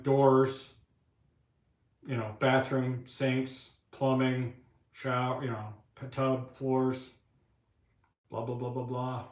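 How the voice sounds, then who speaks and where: A man hosting a casual live stream from his private workshop, rambling and venting his frustrations with plenty of swearing while he works. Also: medium pitch. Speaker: webcam channel host. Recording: echoey room, mic far off.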